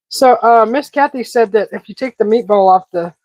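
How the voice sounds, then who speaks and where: This cooking livestream host has a fairly high, slightly mellow voice, captured in a low-quality recording with no room sound. Nursing a stuffy head cold, she sniffles between lines and stays chatty, reading viewer comments aloud while she cooks on her casual live stream.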